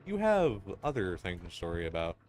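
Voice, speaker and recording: A man narrating a dark second-person story in a solemn, ominous and deliberate way. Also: deep voice, wildly swooping pitch. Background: music.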